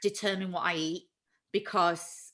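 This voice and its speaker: A woman's voice: on the low side, steady tone, unhurried, pushed and bright. A woman hosting a casual live chat, talking freely and laughing often at herself. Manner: chatty, laughs often, self-deprecating. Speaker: livestream host.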